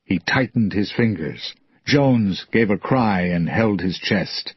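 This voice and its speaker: Man, slow deliberate story narration, husky, lowish voice, dull lo-fi sound. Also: lively intonation, no room sound. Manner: clear, deliberate.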